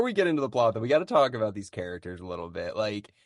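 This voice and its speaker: A man hosting a casual podcast who jokes around and rambles while steering the talk. His voice is fairly low. The recording is dry, with no room sound. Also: very animated, very fast, few pauses, no room sound. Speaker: podcast host. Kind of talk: casual chat.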